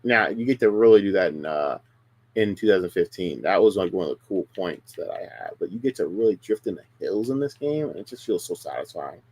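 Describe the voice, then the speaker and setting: A man's voice: low voice, lively intonation, fairly quick, a little mellow, breathy edge. Profane ranting male streamer. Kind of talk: heated casual stream talk.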